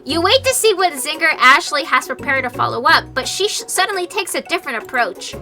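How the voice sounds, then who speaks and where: A woman's voice: high voice, animated, a little fast, few pauses, sharp tone, faint music behind. A young woman streaming a dating game, reading its text aloud and joking about it in a playful way.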